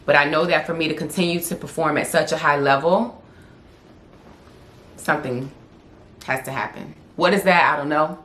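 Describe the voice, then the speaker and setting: A woman's voice: low voice, moderate pace, pauses often, a bit bright, slight background noise. A young woman, chatting candidly and laughing often in a casual Q&A vlog. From Southern United States. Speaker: vlogger and influencer. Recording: echoey room.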